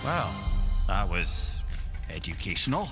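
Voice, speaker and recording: An actor playing a wise, sardonic talking head with a wry, bantering manner. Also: male voice, low-pitched, sing-song, slow pace, heavily acted. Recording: loud music underneath.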